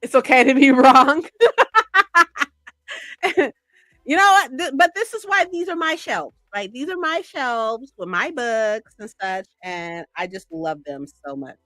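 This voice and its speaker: A woman's voice: fairly high pitch, lively intonation, moderate pace, hardly any pauses, bright, forceful tone, dry recording, soft background music. A woman chatting on a livestream, rambling and gushing with lots of "like" and "right?". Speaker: streamer. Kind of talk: casual livestream chat.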